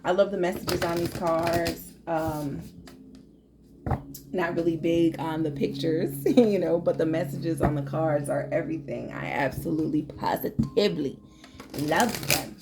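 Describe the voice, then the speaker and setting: A woman's voice: deep voice, a little slow, background noise. A woman giving a casual tarot reading to her viewers, chatty and emphatic, laughing often. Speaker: tarot reader.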